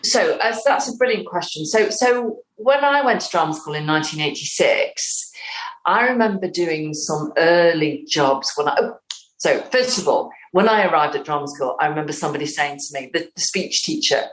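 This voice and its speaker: A woman in her fifties with a Northern English accent, a playwright and actor giving a lively interview and acting out lines of dialogue as she talks. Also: low voice, moderate pace, echoey room, low-quality recording. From North West England. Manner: animated, acts out quotes.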